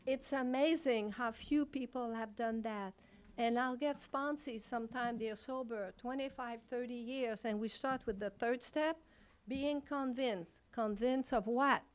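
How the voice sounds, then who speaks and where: A woman's voice: a little high, measured pace, clear, resonant tone. An older woman speaking frankly at a recovery meeting, blunt and laughing often as she shares.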